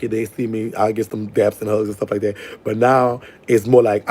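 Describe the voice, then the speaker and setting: Sassy new guy hosting a call-in, talks real quick, laughs a lot, calls everyone girl. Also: mid-range voice, darkish tone. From New Orleans, USA. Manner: sassy and playful, laughs often, calls people girl and baby. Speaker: call-in show host. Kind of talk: casual live call-in chat.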